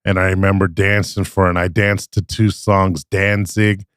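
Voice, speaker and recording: A man's voice: low-pitched, little pitch movement, moderate pace, a bit bright, smooth, dry recording, clean studio sound. A man hosting a podcast, trading laid-back, profane banter with his guest. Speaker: podcast host. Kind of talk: casual podcast chat.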